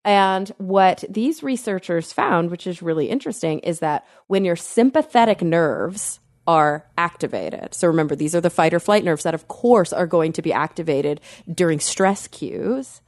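A woman co-hosting a podcast, explaining science in a chatty way, thinking aloud with fillers and quick self-corrections. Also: fairly low pitch, animated, darkish tone, no echo, studio quality. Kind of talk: casual science chat.

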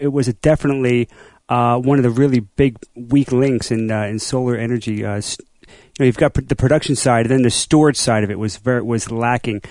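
A man co-hosting a casual podcast, his mid-pitched voice eager and rambling. He often restarts his sentences as he works through a point. The recording is dry and close. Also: a little mellow, no room sound. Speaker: podcast co-host. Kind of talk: casual chat.

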